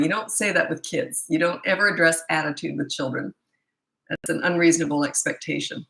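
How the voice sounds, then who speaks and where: A woman's voice: on the low side, brisk, gravelly, sharp tone, echoey room, poor audio. A middle-aged woman, a parenting coach answering viewer questions live, blunt and incredulous, often laughing and mocking the questions.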